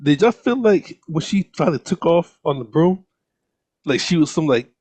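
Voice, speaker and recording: Male co-host, higher pitch, very lively delivery, dry recording. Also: normal speed, husky, no echo. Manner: expressive, swears freely, laughs a lot. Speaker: podcast co-host. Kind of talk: casual movie chat.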